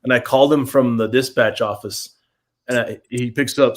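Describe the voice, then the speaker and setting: A man's voice: mid-range voice, fairly even intonation, a little fast. A man telling a casual anecdote and acting out both sides of a phone call. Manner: plain-spoken anecdote with acted-out phone voices. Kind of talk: casual storytelling.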